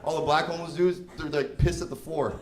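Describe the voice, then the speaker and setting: A man in his thirties performing profane, animated stand-up on a comedy club stage into a handheld mic. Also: on the high side, fast talker. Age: 30s. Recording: echoey club with crowd noise.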